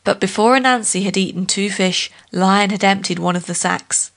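A woman reading a folk tale aloud as a steady, expressive storyteller. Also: medium pitch, normal speed, creaky.

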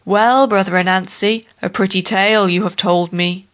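A woman's voice: mid-range voice, fairly even intonation, normal speed, fairly bright tone, natural voice. A woman voicing a proud, hungry male lion in a storybook tale, blunt and boastful. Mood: suspicious.

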